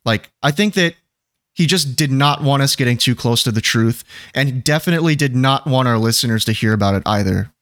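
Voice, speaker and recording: A man's voice: mid-range voice, fairly quick, fairly bright tone. A man co-hosting a podcast in casual chat, joking and swearing casually. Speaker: podcast co-host.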